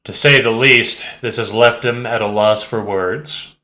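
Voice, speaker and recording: Man, audiobook narration, measured reading, low voice, roomy echo. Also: fairly even intonation, bright, forceful tone. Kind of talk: scripted narration.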